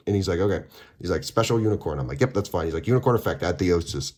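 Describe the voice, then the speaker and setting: Young guy, low voice, chatty rambling recap, acts out the back-and-forth. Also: fast, a little mellow. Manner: rambling, filler-heavy, acts out both sides of conversations. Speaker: card game player recapping a tournament. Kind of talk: casual storytelling vlog.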